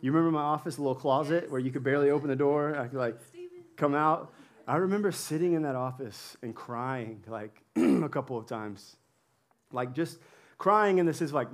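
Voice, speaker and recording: A man's voice: on the high side, a little fast. A male pastor preaching to his congregation in a playful, chatty way and laughing often as he brings volunteers up on stage. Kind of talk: sermon with audience interaction. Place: church hall with congregation.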